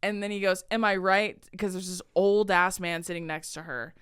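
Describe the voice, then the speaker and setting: A woman's voice: lowish voice, steady tone, brisk, clean tone, dry recording, clean studio sound. A woman, co-hosting a casual podcast chat, telling stories animatedly, swearing and acting out quotes. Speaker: podcast co-host.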